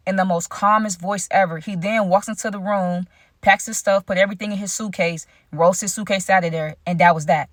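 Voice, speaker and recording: A woman's voice: medium pitch, fairly even intonation, brisk, dry recording. Dramatic woman telling a story, dry and close. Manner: dramatic, talks straight to viewers. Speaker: storytime vlogger. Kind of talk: casual storytelling to viewers.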